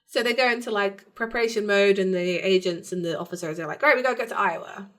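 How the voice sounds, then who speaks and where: A woman co-hosts a podcast and recaps a TV episode in a casual, chatty way. She laughs easily and slips into the characters' lines as she retells scenes. Her voice sits at an ordinary middle pitch. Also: fast, fairly bright tone. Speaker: podcast co-host.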